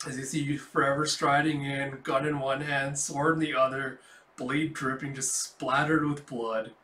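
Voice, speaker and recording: A man's voice: medium pitch, level tone, a little slow, sharp tone, distant mic. A man casually reading a comic book aloud, describing the panels with frequent filler words. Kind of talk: casual comic readthrough narration. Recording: echoey room.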